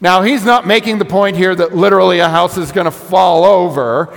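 In a large hall, a male pastor with a high, creaky voice moves fairly quickly through a teaching sermon. His tone stays conversational and explanatory, laying things out step by step and repeating words for emphasis.

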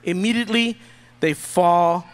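A man preaching a sermon from the pulpit in a relaxed, joking, conversational way. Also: sits high, a little slow, big-room sound. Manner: casual, joking preacher who acts out quotes. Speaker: pastor.

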